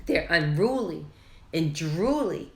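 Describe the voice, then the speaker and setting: A woman's voice: sits low, expressive, slow, gravelly, echoey room, exaggerated voice. A woman voicing an emphatic, bossy cat mother who scolds dramatically in a storybook.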